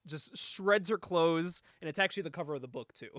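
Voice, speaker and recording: A young man co-hosting a casual show, excitedly retelling a movie plot, laughing often, swearing and acting out the lines. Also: on the high side, moderate pace, dry recording, clean studio sound. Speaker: podcast co-host.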